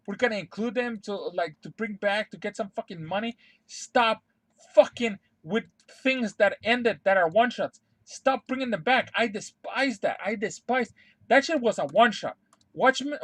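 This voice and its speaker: A young man with a high voice for a guy rants live to his stream chat. He is heated and exasperated, swears freely and keeps circling back to the same flat refusals. The sound is dry and close, with no room echo. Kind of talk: unscripted rant to stream chat.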